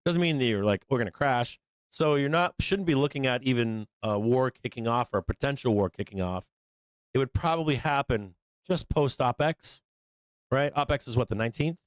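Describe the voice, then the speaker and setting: A man's voice: medium pitch, moderate pace, clear, resonant tone, no echo. A man hosting a live stock market show, talking in a blunt, profane, rambling way. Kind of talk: casual market commentary.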